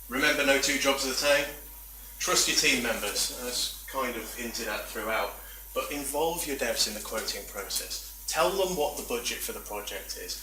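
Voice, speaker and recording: A man's voice: mid-range voice, pushed and bright, slight background noise. A man giving a chatty, self-deprecating talk at a meetup, full of rambling asides. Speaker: conference speaker. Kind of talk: presentation talk. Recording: echoey room from far off.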